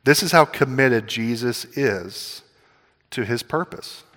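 A male pastor delivers a sermon with animated energy, rising to loud emphatic passages and dropping into quiet asides. His voice sits at an ordinary middle pitch. A long reverb trails behind his words, as in a large sanctuary. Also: takes it slowly. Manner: casual filler "like" in personal asides.

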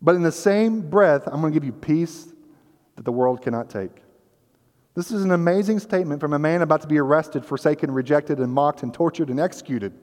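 A man's voice: a little high, brisk, a little mellow. A man preaching a sermon as pastor of a church, earnest and conversational, sometimes acting out the voices in the story. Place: church sanctuary. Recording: long hall reverb.

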